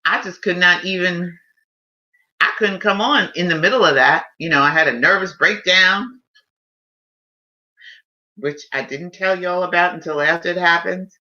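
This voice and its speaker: A woman's voice: on the low side, moderate pace, long pauses, bright, forceful tone. A woman hosting a casual live stream, telling a personal story in an emotional, heartfelt way. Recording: dull lo-fi stream audio.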